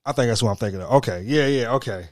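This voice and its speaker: A man's voice: mid-range voice, rapid-fire, no room sound, clean studio sound. A man co-hosting a casual podcast, rambling, stammering and laughing often, with coarse language. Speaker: podcast co-host. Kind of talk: casual banter.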